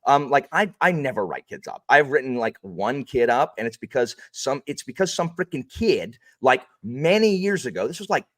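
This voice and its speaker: A man who is a teacher, chatting energetically as a podcast guest, joking and animated. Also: mid-range voice, normal speed, hardly any pauses, no echo, studio quality. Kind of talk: casual podcast chat.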